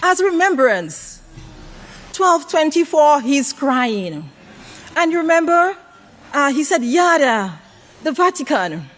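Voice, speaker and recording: High-voiced woman preaching a sermon. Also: big pitch swings, slow, long pauses, a bit bright. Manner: call-and-response questions to the congregation; varies pitch widely for emphasis. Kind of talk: sermon to a congregation.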